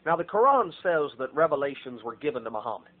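An American man delivers a radio sermon at a middle pitch, pausing to spell out foreign words one letter at a time. His voice climbs and gets louder as he presses home his points. The recording is thin and tinny, like a phone line. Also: big pitch swings. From United States. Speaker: preacher.

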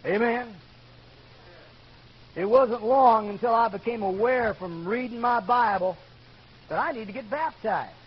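A man preaching, telling his own conversion story as an animated testimony. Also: sits high, a little slow, pauses often, slightly rough. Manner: animated storyteller, bursts into loud shouts in quoted lines. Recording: dull lo-fi recording with faint noise.

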